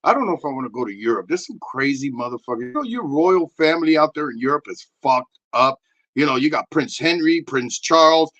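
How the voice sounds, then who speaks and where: A man doing a rambling, crude improvised comedy rant, excitable and prone to sudden shouting. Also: a little high, fairly quick, lo-fi sound.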